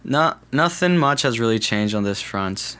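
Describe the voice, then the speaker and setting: A man's voice: medium pitch, animated, normal speed, pushed and bright, smooth. A young man hosting a podcast, chatting casually in a rambling, jokey way, restarting and correcting himself. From California. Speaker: podcast host. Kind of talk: casual solo podcast chat.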